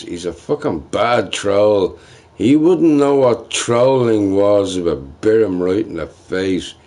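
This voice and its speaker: A young man rants to his live chat in a foul-mouthed, trash-talking manner. His voice sits fairly low and he drawls slowly through it. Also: a little mellow. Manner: profane, trash-talking, ranting. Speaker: streamer. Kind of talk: livestream rant to chat.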